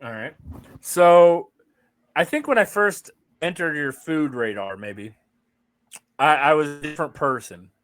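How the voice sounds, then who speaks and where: A man's voice: fairly high pitch, lively intonation, measured pace, pauses often, no echo. A man co-hosting a podcast in casual chat, teasing his co-host with lots of swearing and dry sarcasm.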